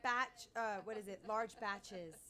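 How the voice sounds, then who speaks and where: A woman's voice: medium pitch, slow pace, very noisy. A woman singer chatting between songs at a small live music venue, telling stories with lots of giggles. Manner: giggly, animated storytelling. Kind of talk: onstage banter between songs.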